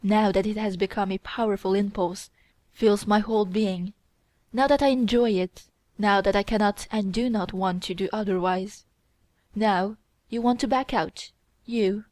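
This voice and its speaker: A woman's voice: medium pitch, steady tone, moderate pace, a little mellow, no room sound, lightly acted. A woman voicing a cold, contemptuous young woman in an audiobook, speaking in a commanding way. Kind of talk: audiobook character reading.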